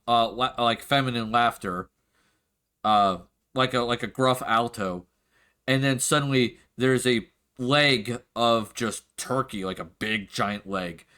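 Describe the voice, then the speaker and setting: A man's voice: mid-range voice, bright, forceful tone. A man narrating a tabletop game as game master in a loose, descriptive way, with lots of "like" and "uh".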